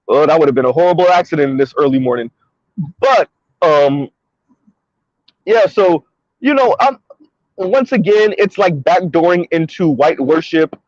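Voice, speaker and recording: A man's voice: fairly high pitch, no echo. A man giving opinionated commentary in an emphatic, sarcastic way, repeating his points, talking from his car. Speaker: commentary vlogger. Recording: dull lo-fi recording.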